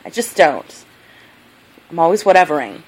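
A woman co-hosting a casual conversation, rambling playfully with frequent halting restarts. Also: on the low side, big pitch swings, husky, poor audio. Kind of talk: casual chat.

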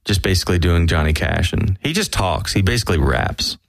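A man with a very low, gravelly and raspy voice talks as a guest in a laid-back, joking way. He fills his speech with "um" and "like." The sound is close and dry. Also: animated, a little fast, dry recording. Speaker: guest voice actor and musician. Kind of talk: casual interview.

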